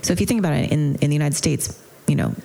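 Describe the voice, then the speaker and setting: Woman, low voice, gravelly fry, earnest mindfulness teacher, reflective storytelling. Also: fast talker, warm tone. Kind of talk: retreat lecture with storytelling.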